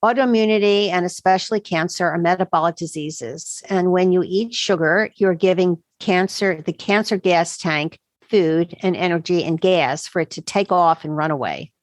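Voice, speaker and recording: A woman, a doctor answering podcast interview questions with emphatic, animated explanations. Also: lowish voice, moderate pace, hardly any pauses, no echo. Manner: emphatic, animated storytelling with quoted asides. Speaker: integrative medicine doctor, podcast guest.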